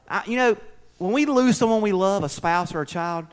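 Man, pastor, high-pitched, sermon, folksy, loud-to-hushed swings. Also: normal speed, clear, resonant tone. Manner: swings from loud preaching to soft, near-whispered asides; folksy, conversational, with slips and restarts.

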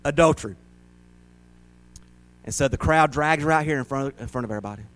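A male pastor preaching a folksy, conversational sermon in a church, often rising to loud, dramatic shouts as he acts out a crowd. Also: medium pitch, fast talker.

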